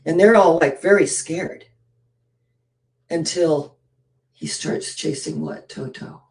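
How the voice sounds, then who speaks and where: Woman minister, sermon, gravelly voice, storytelling, rhetorical questions, hushed whispers. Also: low voice, slow.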